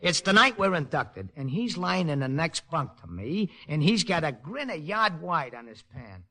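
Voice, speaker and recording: An actor playing a tough-talking, streetwise war veteran who narrates the story in a 1940s radio drama, full of slang and wisecracks. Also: male voice, on the high side, very animated, moderate pace, sharp tone, exaggerated voice. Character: wisecracking streetwise man, war veteran, gruff but kind. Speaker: narrator and lead character.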